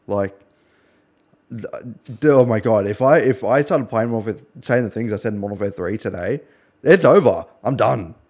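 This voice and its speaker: A man hosting a podcast, husky and hungover, chatting crudely with lots of jokes and swearing. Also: lowish voice, expressive, normal speed, a little mellow. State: husky from a hangover. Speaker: podcast host. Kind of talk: casual chat.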